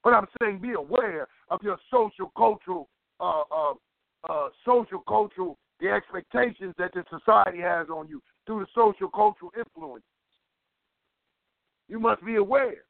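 A man's voice: high voice, normal speed, gravelly, dry recording. A man giving an impassioned political talk as an organizer, emphatic and preachy, repeating phrases for weight. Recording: tinny phone line, dry.

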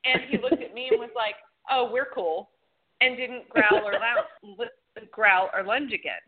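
A woman's voice: a little high, normal speed. Chatty woman on a tinny line. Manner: chatty storyteller who swears freely. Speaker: podcast co-host. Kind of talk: casual chat. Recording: tinny phone-like sound.

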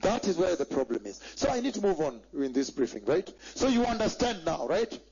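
A man's voice: a little high, big pitch swings, brisk, gravelly, a little mellow, breathy edge. A man preaching a sermon in an emphatic way, repeating phrases and checking that the congregation follows. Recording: dull lo-fi recording.

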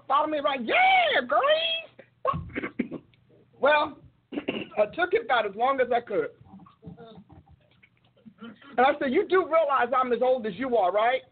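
An older woman preaches in an emphatic, repetitive cadence, her fairly high voice husky at the edges. The sound is tinny and narrow, like a phone line. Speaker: minister and show host. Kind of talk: sermon-like talk.

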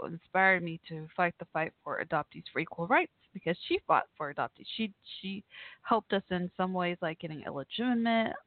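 A woman's voice: lowish voice, no room sound. A woman hosting a live call-in show from home, gushing and laughing often. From Texas. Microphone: home setup. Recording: tinny phone-like line.

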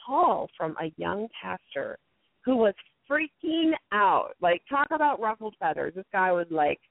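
A woman telling stories as a guest in a casual interview, acting out what people said with quick jumps into a high voice. Her voice has a slightly gravelly edge. The sound is dry and thin, like a phone line. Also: no room sound. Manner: animated storyteller, acts out quotes in a high voice. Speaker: guest speaker on conflict.

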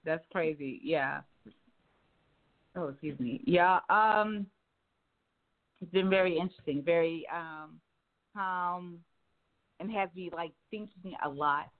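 A woman hosting a casual podcast chat, talking candidly and with profanity in an animated way. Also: lowish voice, slow, pauses often. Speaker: podcast host. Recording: tinny phone-like sound.

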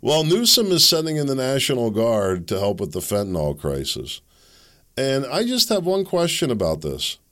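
A man's voice: mid-range voice, huge pitch swings, normal speed, fairly bright tone. A man hosting a solo commentary show, rambling and opinionated, with sardonic asides. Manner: rambling, opinionated, sardonic, with mocking put-on quotes. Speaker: podcast host.

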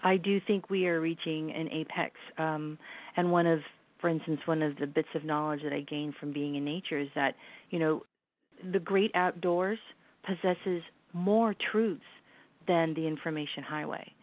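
A woman's voice: deep voice, steady tone, normal speed. A middle-aged woman as an interview guest, talking in an earnest, reflective way with hesitant restarts. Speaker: guest, lifestyle brand founder. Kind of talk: casual interview chat. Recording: tinny phone line.

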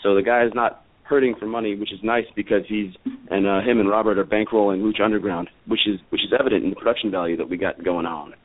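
A man's voice: lowish voice, steady tone, fast talker. A man in his thirties, a guest wrestler on a radio show, talking casually and rambling with many fillers and restarts. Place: after party. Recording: phone-like radio audio.

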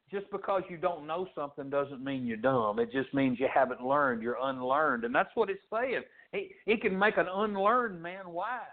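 A man preaching a sermon, swinging his pitch dramatically and acting out the voices of the people he quotes. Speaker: pastor. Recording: tinny phone-like sound.

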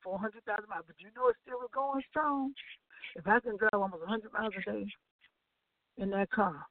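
Woman, gospel radio co-host, animated testimony, dry phone-line audio. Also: medium pitch, fairly quick, dry recording. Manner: animated storytelling with laughs and acted-out quotes. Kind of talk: testimony on a gospel talk show.

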